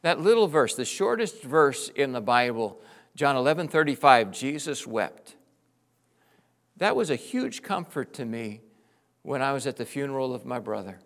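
A middle-aged male pastor preaching with passion, swinging between loud exclamations and hushed, tender passages. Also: mid-range voice, sing-song, normal speed. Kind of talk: sermon.

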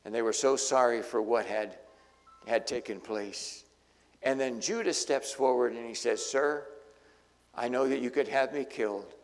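A man preaching a sermon, retelling a story with lively acted-out voices. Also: medium pitch, measured pace. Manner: animated storytelling, acting out voices. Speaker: pastor. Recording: long hall reverb.

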